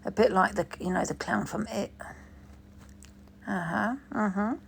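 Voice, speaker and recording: Woman rambling on her stream, swears a lot, really gravelly voice, slow. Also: medium pitch, steady tone, a little hiss or hum. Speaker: livestream host. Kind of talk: casual chat.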